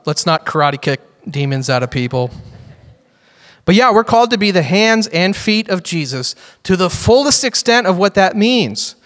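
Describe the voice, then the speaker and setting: A man preaching a sermon in a casual, joking way as he teaches from the Bible. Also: on the high side. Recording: reverberant hall.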